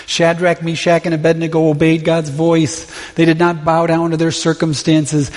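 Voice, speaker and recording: Male pastor, high-pitched, impassioned sermon delivery, long hall reverb. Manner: impassioned, full of rhetorical questions. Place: church sanctuary.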